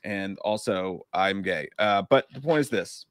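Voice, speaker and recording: A man's voice: low voice, a little slow, dry recording. Crude-joking male podcast co-host, dry sound. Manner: crude jokes, frequent laughter. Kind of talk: casual chat.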